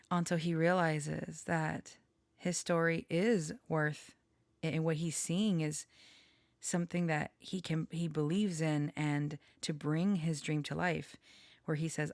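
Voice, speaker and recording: Woman vlogger, unhurried and halting, low pitch with vocal fry, tired from little sleep. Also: steady tone, no room sound. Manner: slow, halting, with many pauses and fillers. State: short on sleep. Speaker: tarot reader and storyteller. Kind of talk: personal reflective vlog talk.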